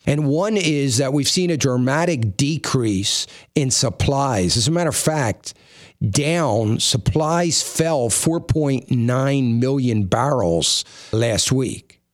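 Male financial commentator, measured and explanatory, dry close mic. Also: mid-range voice, lively intonation, no echo. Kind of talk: market commentary segment.

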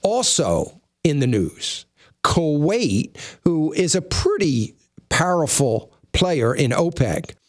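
A man giving a measured, explanatory market commentary segment on radio. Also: on the high side, sing-song, no echo, clean studio sound. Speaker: financial commentator.

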